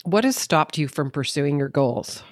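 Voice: medium pitch, animated, normal speed, no room sound, clean studio sound. A host asking interview questions and reacting with short, encouraging exclamations.

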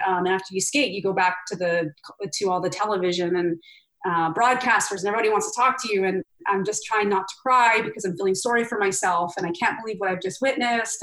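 A woman's voice: medium pitch, low-quality recording. Candid woman telling an emotional story. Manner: candid, animated, lots of fillers and acted-out quotes. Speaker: interview guest, former Olympic pairs skater.

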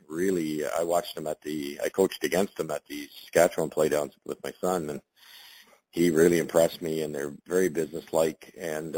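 A man's voice: deep voice, darkish tone, husky, dry recording, low-quality recording. A middle-aged man, a former curling champion, giving loose, rambling expert commentary in an interview, full of fillers and restarts. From Canada.

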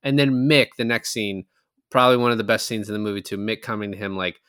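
A man's voice: lowish voice, fairly even intonation, quick pace, fairly bright tone, clean tone. A man co-hosting a casual movie podcast, retelling scenes and acting out the lines, swearing casually. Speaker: podcast co-host. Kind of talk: casual movie review chat.

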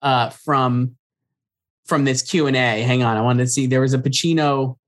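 A man in casual conversation as a podcast co-host. His pitch sits in an ordinary middle range. He rambles easily, piling up filler words and restarting his sentences as he thinks aloud. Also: fairly even intonation, moderate pace. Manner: chatty, full of "like" fillers and restarts. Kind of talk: casual chat.

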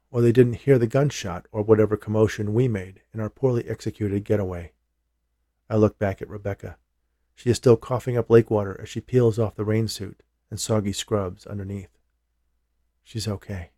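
Low, warm-voiced man narrating a thriller. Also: no echo, studio quality. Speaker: audiobook narrator. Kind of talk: scripted first-person thriller narration.

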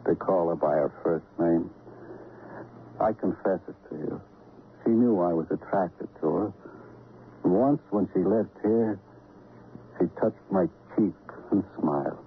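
Hesitant lovelorn chiropractor, very deep voice, measured, tinny radio. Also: male voice, a little hiss or hum. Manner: halting, confessional, measured. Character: hesitant, lovelorn middle-aged male chiropractor. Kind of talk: 1950s radio drama acting. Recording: tinny old radio broadcast.

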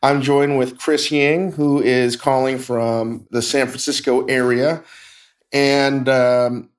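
A man hosting a podcast, talking in a halting, emotional way with many restarts. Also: medium pitch, level tone, clear, resonant tone. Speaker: podcast host. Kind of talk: casual podcast talk. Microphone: teleconference recording.

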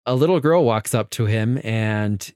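A man's voice: on the low side, a little slow, a little mellow, clean tone, no echo, clean studio sound. A man co-hosting a podcast, riffing on a joke movie theory with loose, giggly banter. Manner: giggly, builds on jokes, loose rambling banter. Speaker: podcast co-host. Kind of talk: casual chat, joking movie analysis.

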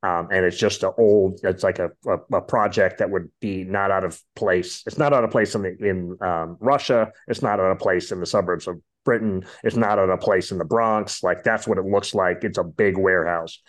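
A man's voice: deep voice, moderate pace, few pauses. A man hosting a podcast, chatting casually about music in a rambling way with lots of fillers. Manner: rambling, many fillers and asides. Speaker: podcast host.

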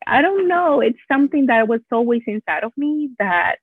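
A young woman with a Spanish accent, talking fast and animatedly in a casual conversation, often quoting herself. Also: high-pitched, expressive, no echo. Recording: thin phone-like call audio, dry and husky.

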